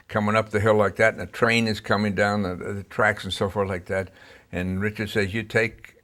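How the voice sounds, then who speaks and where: A man's voice: lowish voice, a bit bright. An older man being interviewed, telling film-set stories in a blunt, salty, emphatic way. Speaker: cinematographer interviewee. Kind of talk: anecdotal interview storytelling.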